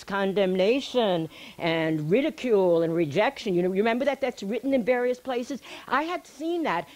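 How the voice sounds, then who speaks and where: A middle-aged woman speaking to a live audience, telling a personal story in a chatty, animated way and laughing at herself. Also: mid-range voice. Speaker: speaker giving a healing talk.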